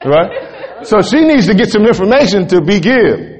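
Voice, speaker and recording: High-voiced preacher in a reverberant hall. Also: male voice, very animated, normal speed, darkish tone, some chatter behind. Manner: conversational preaching, asks "right?" often. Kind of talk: sermon.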